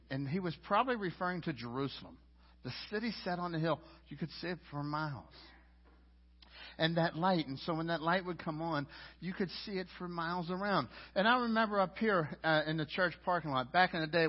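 Middle-aged pastor preaching with loud and quiet swings. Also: male voice, breathy edge. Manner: swings between loud emphatic lines and quiet low asides. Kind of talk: sermon. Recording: dull lo-fi audio.

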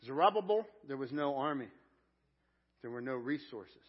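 A male pastor giving a sermon, building to loud emphatic peaks and repeating words as he speaks. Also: medium pitch, lively intonation, moderate pace, breathy edge, dull audio. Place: church sanctuary.

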